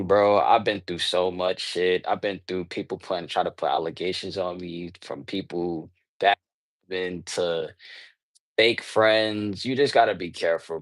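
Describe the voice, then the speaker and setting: Young guy, kinda low voice, rambling w/ lots of "like" and slang, dry close recording. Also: no echo. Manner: rambling, filler-heavy, slangy, restarts often. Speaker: underground rapper, interview guest. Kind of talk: casual interview answers.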